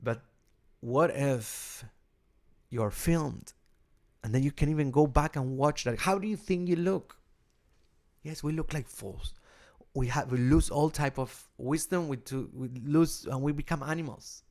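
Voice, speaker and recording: Gravelly man teaching, halting restarts. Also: mid-range voice, darkish tone. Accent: Argentine Spanish. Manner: halting, with many repeated words and restarts. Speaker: rabbi and cantor. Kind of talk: informal teaching talk.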